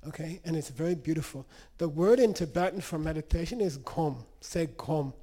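Brief: casual male meditation teacher, mellow and slightly high voice, keeps asking "okay?". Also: moderate pace. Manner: conversational, checks in with "okay?" and "you know". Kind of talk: storytelling lesson.

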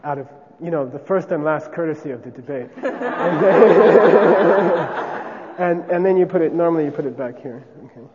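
A man's voice: on the high side, normal speed, dull audio, background noise. Man teaching a class in a reverberant hall. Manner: casual, repeats "okay?", demonstrates chants.

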